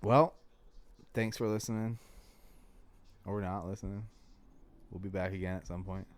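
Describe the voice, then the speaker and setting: A man's voice: sits low, steady tone, normal speed, no echo. A man co-hosting a podcast in casual chat, joking and saying "dude" a lot. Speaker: podcast co-host.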